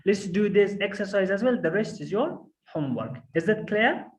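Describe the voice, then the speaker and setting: A man's voice: high-pitched, expressive, moderate pace, rough recording. Patient man teaching an online class. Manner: patient, repetitive, keeps checking if students follow. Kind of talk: online English lesson. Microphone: online class call.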